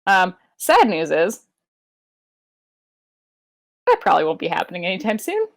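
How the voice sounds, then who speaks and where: A woman's voice: on the low side, huge pitch swings, moderate pace, gravelly. A woman co-hosting a podcast, bantering sarcastically and swearing as she mocks what she watched. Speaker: podcast co-host. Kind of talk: casual banter.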